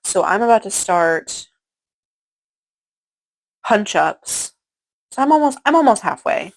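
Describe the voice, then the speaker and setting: A woman's voice: mid-range voice, lively intonation, takes it slowly, vocal fry, rough recording. Rambling woman recapping a book. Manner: rambling, filler-heavy retelling with frequent "like" and "um". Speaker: book reviewer. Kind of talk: casual chapter-by-chapter book recap.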